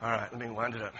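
A pastor preaching a sermon, swinging from quiet talk to shouting and repeating his words. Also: medium pitch, a little hiss or hum. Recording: dull lo-fi recording.

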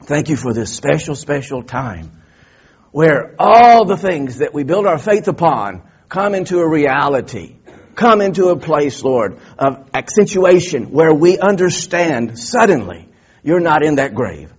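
A male pastor delivers a sermon in an earnest voice, leaning on repeated phrases to build emphasis. His voice is a little husky, and the recording sounds somewhat dull and lo-fi. He reads scripture at a slow, deliberate pace. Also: on the high side, sing-song. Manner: reads King James scripture slowly and deliberately.

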